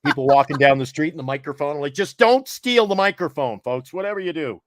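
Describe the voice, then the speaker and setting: A man's voice: fairly high pitch, fairly quick, no room sound, studio quality. A man co-hosting a casual live sports chat show, telling old radio stories with a lot of energy. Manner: storytelling, lively, does voices of people he quotes. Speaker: podcast co-host. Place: home studio, live stream.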